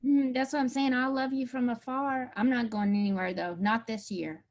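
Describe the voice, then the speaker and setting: A woman's voice: on the high side, fairly even intonation, moderate pace, a little mellow. A woman in casual chat, talking in a teasing, colloquial way.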